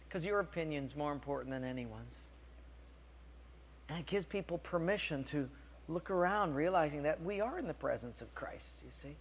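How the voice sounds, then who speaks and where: High-voiced pastor preaching in a hall. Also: male voice. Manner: storytelling, animated, with asides to the congregation. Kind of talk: sermon.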